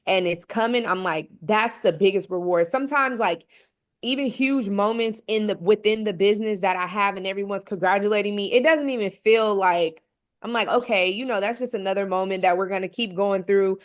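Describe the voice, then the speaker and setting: A woman business owner and mother speaking on a panel, open and heartfelt. Her voice sits at an ordinary middle pitch, and "like" runs through nearly every phrase. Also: fairly quick. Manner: heartfelt, sprinkled with "like". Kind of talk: panel conversation.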